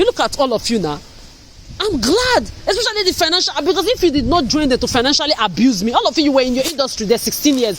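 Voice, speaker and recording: A woman's voice: sits high, slight background noise, low-quality recording. A woman from Africa delivering an angry, cursing vlog monologue, repeating herself and hurling accusations. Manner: furious, repetitive, cursing, accusatory. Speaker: vlogger.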